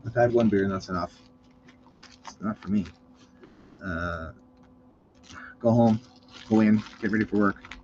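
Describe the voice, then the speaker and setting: His fairly low voice moves unhurriedly, broken by frequent pauses, as he hosts his own show with a casual, foul-mouthed monologue full of ranting and animated stories. A little hiss or hum and a slightly dull recording make him sound cold and muffled.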